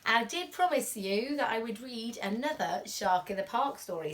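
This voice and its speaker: A reception class teacher with a medium-pitched voice reads a picture book aloud to young children. She is animated and expressive, and she drops to a whisper at tense moments.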